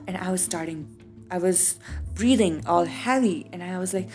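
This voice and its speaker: A woman from India with an Indian accent, hosting a podcast and telling a personal story in a casual, animated way, acting out both sides of conversations. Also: fairly low pitch, moderate pace, vocal fry, soft background music. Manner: animated, acts out both sides of quoted dialogue, frequent swearing. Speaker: podcast host.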